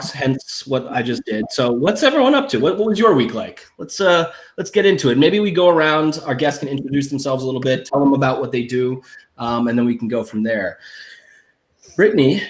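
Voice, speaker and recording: A young man hosting a live online talk show with a desktop microphone, joking and rambling in a self-mocking way. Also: mid-range voice. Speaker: host.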